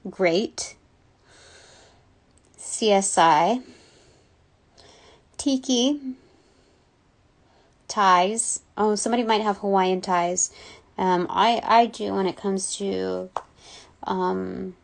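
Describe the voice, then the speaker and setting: A woman's voice: medium pitch, fairly even intonation, slow pace, gravelly, long pauses. A woman giving a casual intuitive reading, rambling with many fillers and giggles. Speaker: spiritual reader.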